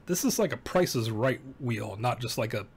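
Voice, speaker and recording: A man playing in a tabletop role-playing game banters casually with the group. His voice is a little husky. His pitch swings up and down as he talks. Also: expressive, moderate pace. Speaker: player.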